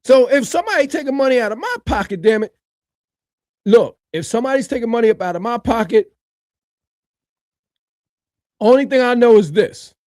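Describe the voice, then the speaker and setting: High-pitched guy going off on a video, voice all over the place, dry close mic. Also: normal speed, long pauses, no room sound. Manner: animated, swings from low mutters to high shouts, colloquial. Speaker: commentator reacting to a video. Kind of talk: animated reaction commentary.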